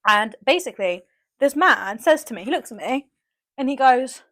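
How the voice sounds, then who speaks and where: A young woman, co-hosting a casual podcast and telling a story with lively mimicry of the people in it. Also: high voice, moderate pace. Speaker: podcast co-host. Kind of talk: casual chat.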